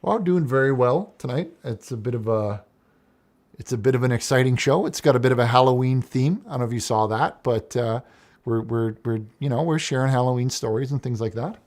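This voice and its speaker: A man's voice: mid-range voice, fairly quick, a little mellow. A man hosting a call-in show, chatting casually with callers and teasing them in a dry, unflappable way. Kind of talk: casual radio chat.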